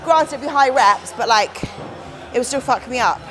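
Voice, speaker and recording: A woman's voice: high voice, moderate pace, fairly bright tone, poor audio. A young woman chatting candidly and swearing casually as she walks through gym exercises in a vlog. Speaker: bodybuilding competitor. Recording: music playing behind.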